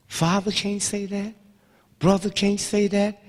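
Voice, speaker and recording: A man in his seventies giving a fiery lecture full of storytelling, swinging between hushed murmurs and loud outbursts, with rhythmic call-outs to the audience. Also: high-pitched, level tone, slow pace. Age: 70s. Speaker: speaker addressing an audience. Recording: long reverb of a large hall.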